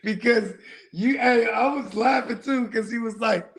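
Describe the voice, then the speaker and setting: A man hosting a casual fantasy football podcast, loud and teasing, often breaking into laughter. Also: extremely high pitch, unhurried. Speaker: podcast host.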